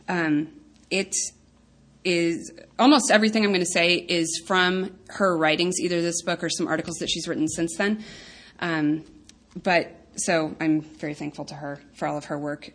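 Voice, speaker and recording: Earnest chatty woman speaker, lowish voice. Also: fairly bright tone. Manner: earnest, chatty, many ums and asides. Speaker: women's ministry speaker. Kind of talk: talk to a women's group.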